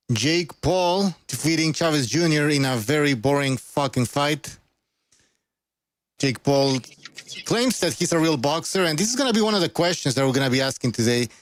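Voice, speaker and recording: A man's voice: on the high side, no echo. Chatty man hosting a boxing stream. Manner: loose, chatty, reads chat names. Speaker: podcast co-host. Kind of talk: casual live-stream podcast intro.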